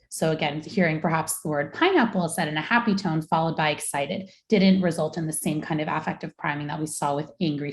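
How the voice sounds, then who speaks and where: Woman, young adult, academic lecture, measured and explanatory, lowish pitch, roomy echo. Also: gravelly, a little mellow. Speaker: researcher giving a talk. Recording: echoey room.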